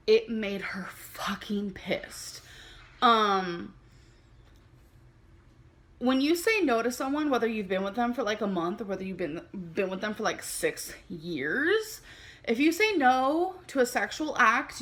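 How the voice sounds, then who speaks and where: A young adult woman telling a personal story on her vlog, speaking candidly and haltingly with many fillers. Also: a little high, very animated, fairly bright tone. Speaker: vlogger.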